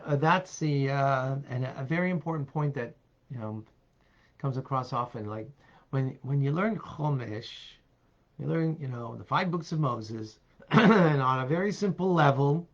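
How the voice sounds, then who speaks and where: Rabbi answering questions in a halting, muffled voice. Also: male voice, medium pitch, gravelly. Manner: halting, many fillers, soft laughs. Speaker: rabbi teaching a class. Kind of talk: casual Q&A teaching.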